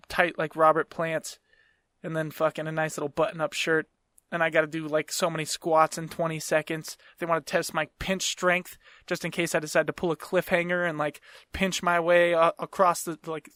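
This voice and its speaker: Brief: young man, slightly high voice, swearing casual storyteller, dry close mic. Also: pushed and bright, dry recording. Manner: profane, rambling, self-mocking. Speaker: podcast host.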